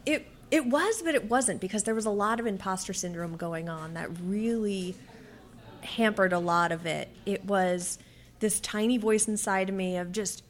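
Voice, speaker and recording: A woman, an author and podcaster, talking as a guest in a conversational interview, telling lively stories, acting out her own dialogue and laughing often. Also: medium pitch, normal speed.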